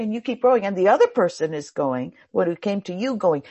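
A woman giving a casual spiritual talk on meditation. She tells a parable in an animated way, acts out the voices and swears now and then. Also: mid-range voice, fairly quick, hardly any pauses, slightly rough, highs cut off. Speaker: meditation teacher.

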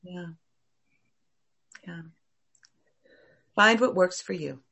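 A woman teaching a meditation class in an emphatic, animated way, repeating her points. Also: lowish voice, drawn-out words, creaky, husky. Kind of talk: casual class talk.

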